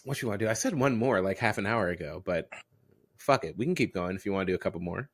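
A man hosting an improvised comedy podcast, laid-back and deadpan, playing along with his callers. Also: deep voice, quick pace, no echo, studio quality. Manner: laid-back, deadpan, breaks into laughter and shouts.

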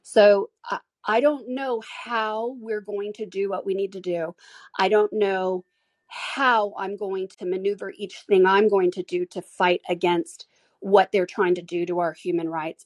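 A woman's voice: medium pitch, steady tone, a little slow, dry recording. A woman hosting a solo podcast, speaking candidly and emotionally with frequent restarts. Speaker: podcast host.

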